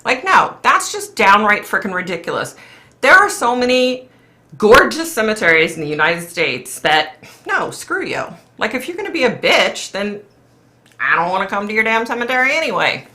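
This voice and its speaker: A middle-aged woman from Philadelphia hosting a casual psychic livestream, chatting with viewers in a blunt, animated way and swearing freely. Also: on the high side, moderate pace. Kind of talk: casual livestream chat reading comments.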